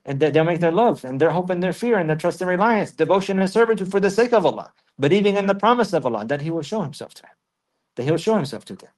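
A man's voice: high voice, lively intonation, fast. A man teaching a religious lesson, reciting Arabic verses and then explaining them in English, often repeating phrases for emphasis. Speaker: Islamic teacher.

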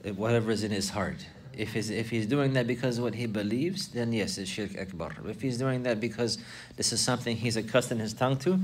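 A man giving a religious lesson, explaining points slowly and repeating key phrases for emphasis. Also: fairly low pitch. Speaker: Islamic teacher.

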